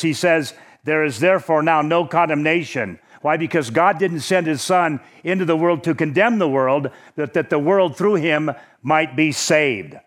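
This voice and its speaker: A man preaching a sermon in a conversational teaching manner, slowing down to stress key words. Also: a little high.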